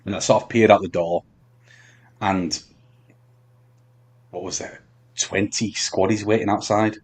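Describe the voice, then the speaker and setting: A man telling a long story on a podcast, halting with many ums and restarts. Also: lowish voice, fairly even intonation, breathy edge. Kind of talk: casual storytelling chat.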